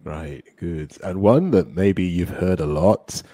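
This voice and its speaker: A man teaching English grammar in a casual podcast chat, explaining clearly and encouraging his co-host. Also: low voice, slow pace, warm tone, no echo.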